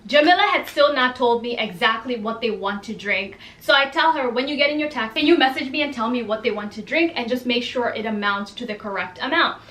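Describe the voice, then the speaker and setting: A young woman telling a casual storytime to camera, animated and exasperated, acting out the people she quotes. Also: high voice, roomy sound.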